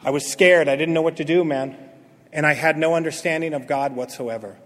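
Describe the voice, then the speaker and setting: A man sharing his recovery story at a meeting, an animated storyteller who acts out quotes and swings from loud to hushed. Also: fairly high pitch, fairly quick. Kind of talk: personal recovery testimony. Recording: long hall reverb.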